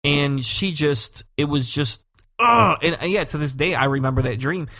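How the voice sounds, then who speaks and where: A man's voice: on the high side, moderate pace, fairly bright tone, no room sound, studio quality. A man co-hosting a podcast in casual chat, telling a story with energy, swearing freely and acting out the quotes. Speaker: podcast co-host.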